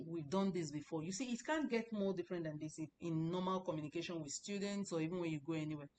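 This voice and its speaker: Low-voiced woman teaching patiently. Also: fast, hardly any pauses, a little mellow, a little hiss or hum. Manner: patient and repetitive, drilling pronunciation aloud. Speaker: Mandarin Chinese teacher. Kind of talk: explanatory online lesson.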